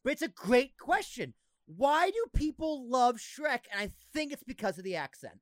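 A young man hosting a podcast, chatting casually, excitable, swearing and laughing a lot. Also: very high-pitched, normal speed, no echo. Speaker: podcast host. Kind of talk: casual chat.

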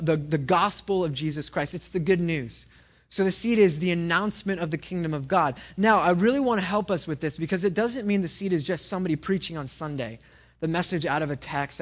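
A man preaching a sermon in a conversational way, often stumbling and repeating words as he restarts. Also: a little high. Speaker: pastor.

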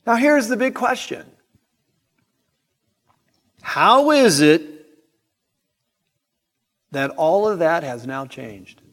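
A man preaching an evening sermon in a church sanctuary, emphatic and deliberate, asking the congregation rhetorical questions. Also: a little high, sing-song, a bit bright. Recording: hall reverb in sanctuary.

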